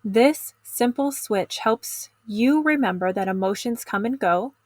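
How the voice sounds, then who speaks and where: A middle-aged woman coaching teens in an instructional video lesson, calm and encouraging, speaking straight to the viewer. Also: a little high, unhurried, dry recording. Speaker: teen stress coach.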